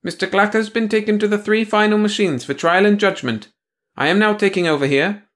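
A prissy, officious middle-aged woman bureaucrat who clings to the rules in a stiff, clipped way, as a man reading the story puts her on. She speaks high and a touch loud, well above the reader's own register, in the manner of an audiobook character. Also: a little fast. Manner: stiff, rule-quoting, prissy.

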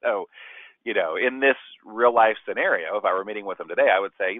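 On a dry recording with a tinny, phone-like quality, a man with a lowish voice speaks briskly. His sales training talk is animated and peppered with short client exchanges he acts out as role-play.

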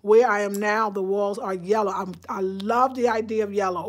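A chatty woman talks to her viewers on a casual live stream from inside her home. She keeps it lively and personal, and she asks them questions as she goes. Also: medium pitch, fairly quick, hardly any pauses. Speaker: vlogger.

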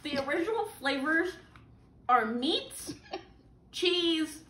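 A woman's voice: high voice, expressive, takes it slowly, fairly bright tone. A young woman reviewing a boxed food item with sarcastic jokes and frequent laughter. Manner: sarcastic, joking, laughs often. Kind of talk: comedic food review chat. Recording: echoey room with faint noise.

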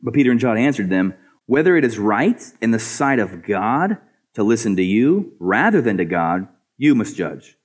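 A man's voice: very animated, moderate pace, husky. A male pastor preaching a sermon earnestly, asking rhetorical questions and often repeating words as he builds a point. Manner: swings between soft, low asides and raised, higher emphatic passages.

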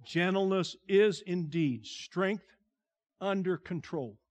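A male pastor with a fairly high voice preaching at an unhurried pace. He lingers over each phrase, drops to a near-hush on tender lines, and lifts his voice to stress the important ones. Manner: slow, deliberate preaching that drops to a hushed tone and swells on emphasis. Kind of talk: sermon.

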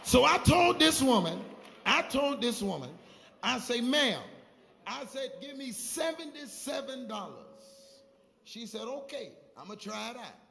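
High-pitched gravelly preacher in a reverberant church. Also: male voice, sing-song, unhurried, sharp tone, a little hiss or hum. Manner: call-and-response preaching, storytelling with quoted dialogue. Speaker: prophet preaching. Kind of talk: sermon.

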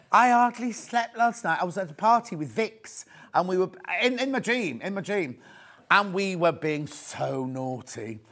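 A middle-aged man presenting a live shopping channel, chatty and excitable, often raising his voice. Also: sits high. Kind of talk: live TV sales pitch. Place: TV studio.

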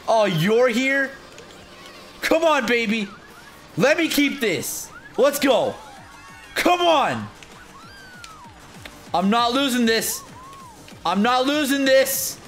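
Excitable high-voiced man commenting on gameplay. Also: slow pace, pauses often, soft background music. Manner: excitable, jumps between muttering and shouting; self-mocking. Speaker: gaming video creator.

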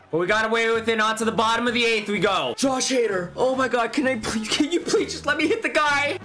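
A young man commentating his own baseball video game, excitable, swearing and yelling at the players. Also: high-pitched. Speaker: gaming YouTuber. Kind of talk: live gameplay commentary.

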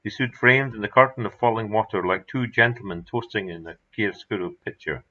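A man reading his own horror story aloud in a measured, dramatic narration. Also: fairly low pitch, pushed and bright. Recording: dull lo-fi recording.

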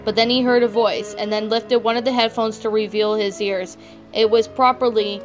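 A woman's voice: fairly high pitch, fairly even intonation, normal speed. A woman reading a fan fiction story aloud, often stumbling and restarting words. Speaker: story narrator. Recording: background music throughout.

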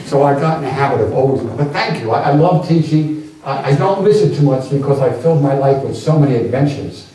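A man's voice: medium pitch, expressive, fast, a crowd in the background. An older man with a New York accent, giving a chatty, rambling talk to an audience. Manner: chatty, rambling, frequent restarts. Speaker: guest lecturer. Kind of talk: informal lecture with audience questions. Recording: echoey hall from far off.

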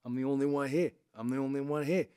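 A man's voice: medium pitch, steady tone, quick pace, warm tone, smooth, dry recording, close to an everyday voice. Guy doing a nasal tough-guy movie star, muttery, dry close mic. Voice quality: slightly nasal, voice up behind the nose. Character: tough-talking gangster-style movie actor, male, gruff.

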